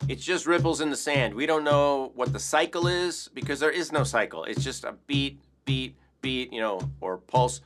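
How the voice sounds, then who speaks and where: Man, middle-aged, percussion teacher, chatty and upbeat, counts beats out loud, faint drumming behind. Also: medium pitch, normal speed, few pauses, faint music behind. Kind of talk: casual music lesson.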